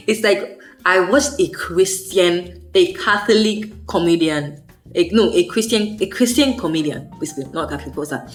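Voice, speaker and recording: A young woman rambles through a personal faith vlog in a loose, slangy way, circling back on her own words. Her voice sits a little low for a woman. Soft music plays faintly behind her. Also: moderate pace. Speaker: faith vlogger. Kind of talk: casual faith vlog monologue.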